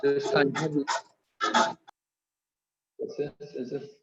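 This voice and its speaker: A man's voice: mid-range voice, level tone, slow pace, background noise. A man teaching an online course, explaining points earnestly and repeating key phrases. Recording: echoey, dull-toned video call audio.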